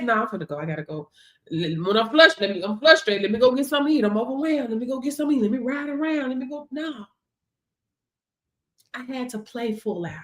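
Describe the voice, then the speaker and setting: A woman hosting a live stream, giving a motivational faith talk from home, animated and preachy, laughing often and calling listeners baby. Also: fairly high pitch, reverberant. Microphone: device camera.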